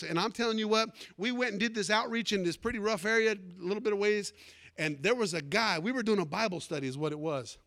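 A man preaching a fervent sermon, calling out for amens and swinging between loud and hushed delivery. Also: high voice. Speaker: pastor.

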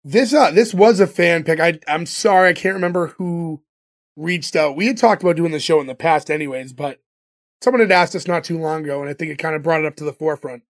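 A man's voice: fairly high pitch, fairly quick. A man hosting a casual podcast, loose and rambling, laughing easily as he talks with his co-hosts. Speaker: podcast host.

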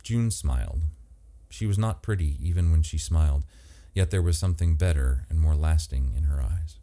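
A man reading a novel aloud as narrator, in an even, measured way. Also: extremely low pitch. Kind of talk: scripted audiobook narration.

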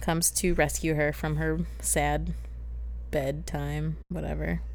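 A woman's voice: sits low, level tone, takes it slowly, vocal fry. A woman co-hosting a casual podcast, recapping a movie plot in a playful, laughing way. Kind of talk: casual chat.

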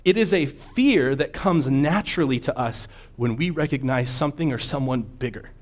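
A man preaching a sermon in a conversational way, often checking in with his listeners and slowing down to read scripture with emphasis. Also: mid-range voice, expressive.

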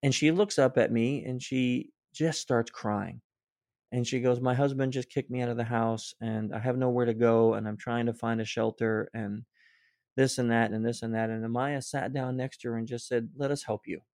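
A middle-aged man, a guest author, telling a personal story in an interview, animated and quoting people in his own voice, with frequent restarts. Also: mid-range voice, moderate pace, dry recording, clean studio sound.

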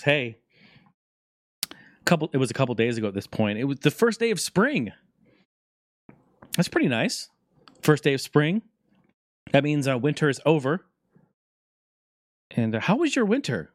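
A man hosting a casual talk show, rambling through news and stories in a profane, joking, animated way. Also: mid-range voice, no echo, clean studio sound. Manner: profane, jokey, animated storytelling. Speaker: podcast host.

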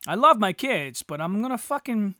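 A man's voice: high voice, sing-song, moderate pace, sharp tone, no room sound, clean studio sound. A middle-aged man hosting a solo podcast, ranting crudely and sarcastically with heavy swearing. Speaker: podcast host. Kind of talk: profane solo rant.

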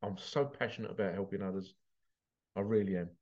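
A man's voice: sits low, brisk, a little mellow. Passionate swearing man, muffled sound. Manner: passionate, swears, voice breaking with emotion. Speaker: motivational vlogger. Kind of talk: emotional motivational monologue.

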